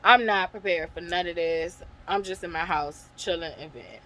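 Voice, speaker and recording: A woman vlogger telling a personal story in a casual storytime monologue, blunt, profane and animated. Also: on the low side, normal speed, low-quality recording.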